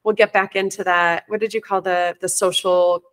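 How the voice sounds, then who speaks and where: A woman's voice: lowish voice, flat delivery, normal speed, fairly bright tone. A woman who teaches and coaches parents, talking openly and reflectively in a casual conversation, often restarting her sentences as she thinks. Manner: open, reflective, storytelling with many restarts.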